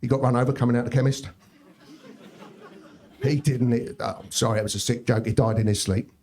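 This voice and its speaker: A middle-aged man doing a stand-up set in a comedy club, telling stories deadpan with quick asides to the crowd. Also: medium pitch, a little hiss or hum.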